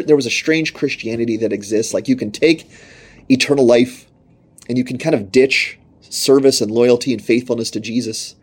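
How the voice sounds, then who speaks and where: A man's voice: medium pitch, slightly rough. A young man preaching a sermon, telling his own story in an earnest, emphatic way.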